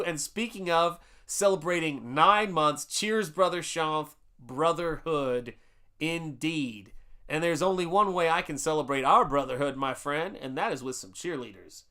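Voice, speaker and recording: A man's voice: a little high, unhurried, sharp tone. Chatty middle-aged man painting live. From United States. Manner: rambling, restarts, reads chat aloud, chummy. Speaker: livestream host painting and chatting. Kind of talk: casual live-stream chat while painting.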